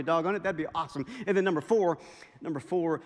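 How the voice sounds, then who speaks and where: A middle-aged male pastor preaching a sermon, telling stories in a lively way with impressions and asides. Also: sits high, fast. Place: large chapel hall. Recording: long chapel reverb.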